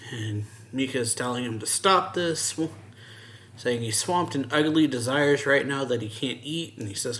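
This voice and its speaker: A man's voice: medium pitch, unhurried, a bit bright, slight background noise. Casual man recapping a manga chapter. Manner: recaps scenes by paraphrasing character dialogue with loose fillers. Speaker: manga reviewer, channel host. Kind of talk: casual reaction and review.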